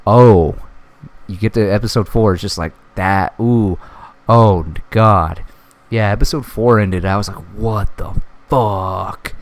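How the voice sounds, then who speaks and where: A man hosting a casual solo podcast, reviewing a TV show in an excitable way, swearing often and full of fillers. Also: lowish voice, a little slow. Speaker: podcast host.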